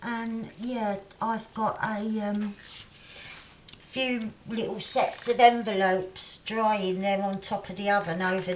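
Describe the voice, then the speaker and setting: A woman with a Cockney accent talks slowly and loosely while she works on a craft at her kitchen table, filling her sentences with "like". The sound is a little dull, with a faint hiss behind her. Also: mid-range voice. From England. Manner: rambling and chatty, lots of "like" fillers, laughs often. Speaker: craft vlogger. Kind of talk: chatty crafting vlog, reminiscing while working.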